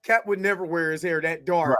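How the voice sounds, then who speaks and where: High-voiced man chatting animatedly. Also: fairly quick. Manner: animated, laughs often, acts out lines. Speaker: host. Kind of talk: casual movie review chat.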